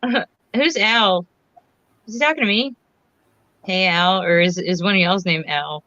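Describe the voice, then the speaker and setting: A woman chats casually on a group stream call, her voice bright and forward. She keeps it loose and swears freely. The audio is dull and lo-fi, like a voice chat. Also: medium pitch, sing-song, moderate pace, dry recording.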